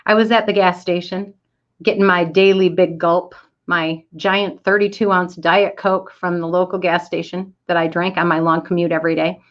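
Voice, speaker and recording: Middle-aged woman, lowish voice, animated storyteller in a talk; slightly muffled recording. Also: moderate pace. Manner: animated, acts out quoted voices. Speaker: speaker giving a talk. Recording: dull lo-fi audio.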